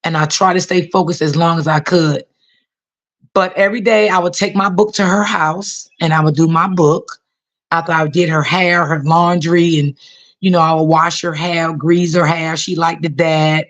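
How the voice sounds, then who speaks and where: Speaking to her viewers, a woman who is an author tells a personal story casually, often repeating herself and leaning on lots of fillers. Her voice is fairly low and steady, at a normal speed.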